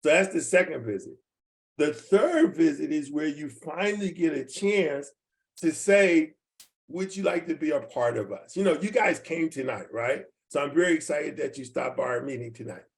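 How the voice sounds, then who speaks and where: A man in his seventies runs a team training over a video call, speaking in a folksy and repetitive way and often asking whether everyone follows him. His voice sits a little high for a man. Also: normal speed, gravelly. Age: 70s. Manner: folksy, repeats points, asks the audience questions.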